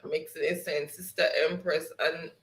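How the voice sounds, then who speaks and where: A man's voice: on the high side, fairly even intonation, moderate pace, fairly bright tone, echoey room, a little hiss or hum, poor audio. A man with a Jamaican accent hosting a live stream, reading viewer comments aloud and laughing often. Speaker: show host.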